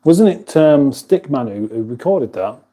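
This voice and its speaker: Hosting a relaxed livestream from his home kitchen, this man reads viewer comments aloud in a very dark, mellow voice that's still a little high and unhurried. He rambles, laughs readily, and keeps breaking off to restart his sentences.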